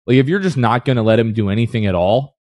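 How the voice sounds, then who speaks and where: A man's voice: mid-range voice, lively intonation, fast, darkish tone, dry recording. A man co-hosting a casual sports podcast who rants with heat, then apologizes for it half in jest. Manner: heated, ranting, then mock apologetic. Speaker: podcast co-host.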